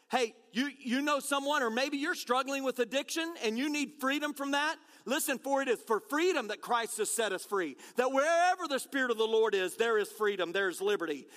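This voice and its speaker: A man's voice: very high voice, moderate pace. Fired-up man preaching in a hall. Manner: energetic, repeated rallying calls; self-deprecating humor. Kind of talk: sermon. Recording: long hall reverb.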